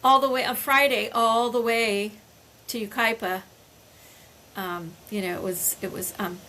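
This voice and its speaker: An older woman co-hosting a casual chat podcast, a lively storyteller who acts out everyday exchanges. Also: on the high side, unhurried. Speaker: podcast co-host.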